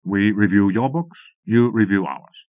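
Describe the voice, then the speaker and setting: A man reading aloud, voicing a plump, genial middle-aged man who gently talks down to others. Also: lowish voice, unhurried, dry recording, close to an everyday voice. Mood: persuasive. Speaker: pastor. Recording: muffled phone-like cassette audio, dry.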